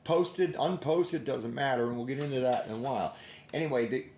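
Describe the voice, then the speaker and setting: A man's voice: mid-range voice, a little fast, a little mellow, a little hiss or hum. A middle-aged man hosting a hunting channel, telling a long story in a folksy, rambling way and often restarting his sentences. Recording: roomy echo.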